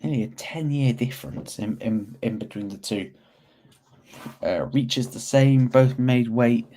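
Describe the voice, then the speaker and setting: A man's voice: medium pitch, unhurried, dark tone, a little hiss or hum. A young man hosting a fight watch-along, chatting casually to his viewers and stumbling over his words as he comments.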